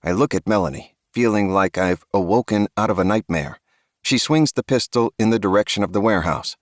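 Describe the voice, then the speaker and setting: Male audiobook narrator, very low voice, dry close sound, grave and tense first-person horror reading. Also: a little fast, dry recording.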